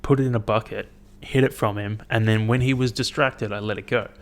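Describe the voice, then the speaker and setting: Low-voiced man ranting casually. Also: a little fast. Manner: rambling, profane, animated storytelling. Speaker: podcast host. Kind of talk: casual solo podcast chat.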